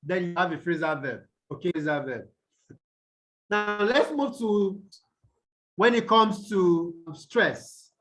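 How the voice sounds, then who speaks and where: A man's voice: sits high, lively intonation, slow pace, pauses often, a bit bright, poor audio. A man from Nigeria teaching an online English lesson, asking the class questions and checking in with "okay?" again and again. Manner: checks in often with "okay?" and "the what?". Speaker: English tutor. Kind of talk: online tutorial on stress rules. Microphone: video call.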